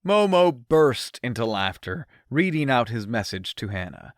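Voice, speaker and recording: A man narrating an audiobook in an expressive first-person storytelling manner, recorded on a close studio mic. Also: medium pitch, unhurried, no room sound.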